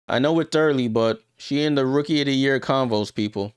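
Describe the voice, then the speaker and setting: Speaking fairly quickly with hardly any pauses, this man's smooth, mid-range voice carries a live watchalong stream as he talks to viewers and calls the plays. His volume climbs on big plays, and the studio-quality recording has no room sound.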